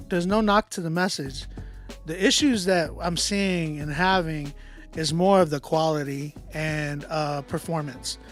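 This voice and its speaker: A man with a high voice talks through a song review in an easy, animated way, full of slang and fillers. Soft music plays faintly behind him. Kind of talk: casual song critique, talking to viewers.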